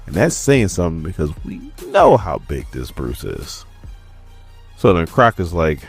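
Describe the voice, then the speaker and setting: Male comic recapper, deep lively voice, casual slangy storytelling, light music under. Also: a little slow, slightly rough. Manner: laid-back, slangy storytelling. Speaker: comic book reviewer.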